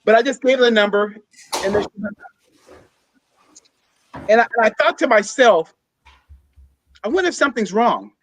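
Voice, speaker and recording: High-voiced man telling a story haltingly. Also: animated, fairly bright tone, a little hiss or hum, rough recording. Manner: halting, with frequent pauses and fillers. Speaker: guest sharing a personal story. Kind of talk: personal storytelling.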